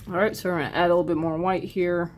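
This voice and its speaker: A woman giving a casual painting tutorial, chatting loosely with fillers and quick apologies as she works. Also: lowish voice, steady tone, a little hiss or hum. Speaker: art teacher.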